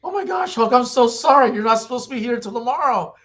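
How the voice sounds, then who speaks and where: A man's voice: very high-pitched, animated, fast, fairly bright tone, pitched above the performer's own voice. A man putting on the voice of an elderly woman who fusses and apologizes. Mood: flustered. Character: sweet elderly woman, flustered and fussing.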